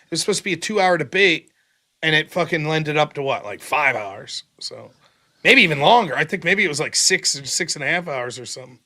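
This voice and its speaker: A man hosting a casual livestream, telling stories in a loose, profane, animated way. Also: a little high, a little fast. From America. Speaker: host.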